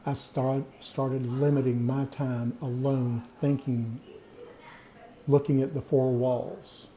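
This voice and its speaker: Middle-aged man, reflective storyteller, dark warm timbre, roomy echo. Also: medium pitch, level tone. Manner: earnest, reflective, plain-spoken with pauses. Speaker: vlogger sharing personal experience. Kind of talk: personal storytelling monologue. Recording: echoey room.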